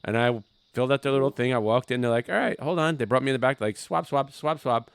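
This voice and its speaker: Smooth-voiced man telling stories. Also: mid-range voice, fast talker, dry recording, clean studio sound. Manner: profane storytelling, acting out quoted people. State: recovering from covid. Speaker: podcast co-host. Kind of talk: casual chat. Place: home basement.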